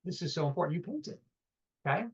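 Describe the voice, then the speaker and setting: A man's voice: fairly high pitch, very animated, quick pace, husky, dull audio. A man teaching a live real estate seminar, telling stories and acting out both sides of phone calls, often asking the room questions.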